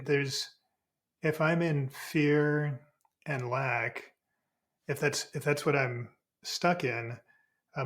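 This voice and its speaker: Unhurried, halting male spiritual teacher. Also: mid-range voice, fairly bright tone. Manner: unhurried and halting, with frequent restarts. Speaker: spiritual teacher, podcast guest. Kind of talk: relaxed explanatory talk.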